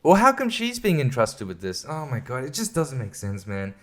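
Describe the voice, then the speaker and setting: This man's medium-pitched, slightly bright voice swings hugely in pitch at a moderate pace as he hosts a podcast. His film review is a casual, profane rant, rambling and exasperated, full of stumbles and laughter between thoughts.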